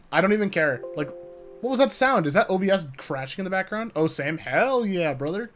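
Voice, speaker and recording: A young man chatting live on a game stream, excitable and swearing, laughing often and talking to his chat. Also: high voice, brisk, soft background music.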